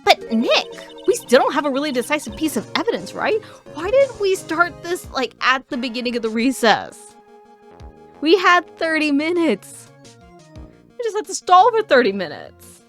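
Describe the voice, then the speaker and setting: Woman playing a spunky young assistant, high lively voice, faint music. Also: normal speed. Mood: urging. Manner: excitable, urging.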